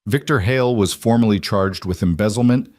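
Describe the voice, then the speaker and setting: Male narrator, lowish dry voice, steady scripted storytelling. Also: a little fast, no room sound.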